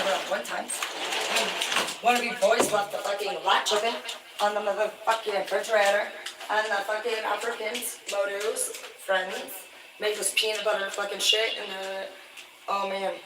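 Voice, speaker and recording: Profane man rambling in an echoey room. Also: high voice. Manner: profane, loose and boastful. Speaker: livestreamer, former commercial fisherman. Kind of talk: rambling live-stream storytelling. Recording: echoey, distant, noisy room.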